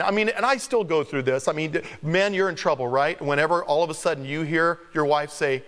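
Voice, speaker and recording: Animated male preacher in a reverberant hall. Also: a little high, fairly quick. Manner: animated, chuckling storyteller. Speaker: pastor. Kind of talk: sermon with personal storytelling.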